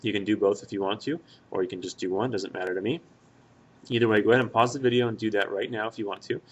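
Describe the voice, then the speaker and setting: A man's voice: fairly low pitch, fairly even intonation, fast, slightly rough, muffled recording. A young man teaches a grammar lesson over a screen recording. He talks it through methodically, pointing at each example in turn. His tone stays plain and easygoing. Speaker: Spanish teacher.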